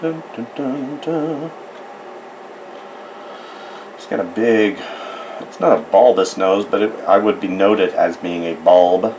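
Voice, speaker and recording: A man's voice: low-pitched, fairly even intonation, normal speed, darkish tone, muffled recording, slight background noise. A man from the United States narrating a casual drawing tutorial, chatty and rambling with self-deprecating asides. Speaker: art tutor.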